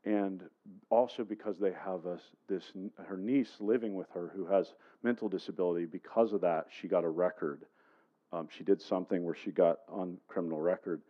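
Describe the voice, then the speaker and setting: A man's voice: deep voice, steady tone, moderate pace, dull audio. A man preaching a sermon, telling a personal story in a conversational way and putting questions to the congregation. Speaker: pastor.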